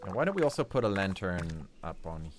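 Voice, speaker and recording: Low, lively-voiced man streaming a game. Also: a little fast, music in the background. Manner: upbeat, chuckles often. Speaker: livestream host. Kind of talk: casual gameplay commentary.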